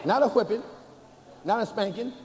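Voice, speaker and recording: Older male preacher, high voice, church echo. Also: animated, darkish tone, a little hiss or hum. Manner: folksy, humorous, rising to slow chanted emphasis. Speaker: bishop preaching. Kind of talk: sermon. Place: large church before a congregation. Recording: hall reverb with faint ambience, cassette.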